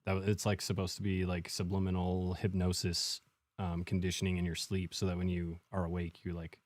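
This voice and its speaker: A laid-back man co-hosts a casual podcast, joking around and talking in slang. His voice sits very low, and the recording is dry and close. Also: completely flat delivery, fairly quick, no echo. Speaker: podcast co-host. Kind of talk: casual chat.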